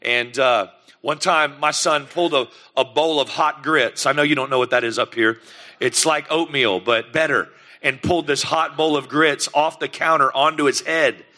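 A middle-aged man, a pastor telling lively family stories in a sermon and acting out the scenes. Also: a little high, moderate pace. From United States. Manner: animated, lively storyteller who acts out scenes. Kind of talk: sermon storytelling.

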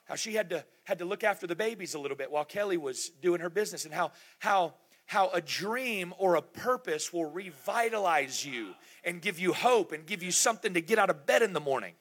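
Bright, high-voiced preaching man. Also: lively intonation, a little fast. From grew up in the United States, born in Germany. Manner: preaching with call-and-response, rising to shouts. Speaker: pastor. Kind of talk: sermon. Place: large church room.

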